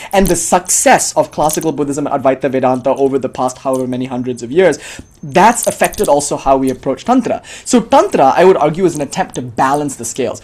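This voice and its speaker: A man giving a casual spoken lecture on a spiritual tradition, animated and chatty, with lots of fillers and free swearing. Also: mid-range voice. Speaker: teacher of tantric tradition.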